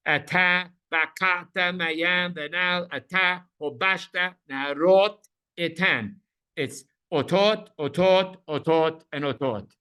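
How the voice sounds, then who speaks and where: A man teaching a Bible class, animated, repeating words for emphasis and asking his listeners questions. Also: on the high side.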